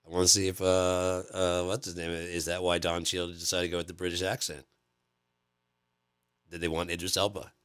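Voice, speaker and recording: Casual male host, very low voice, dry close sound, loose profane rambling. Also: completely flat delivery, fairly quick, a bit bright, clean tone, no room sound. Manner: profane, rambling, lots of fillers and repeats. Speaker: channel host.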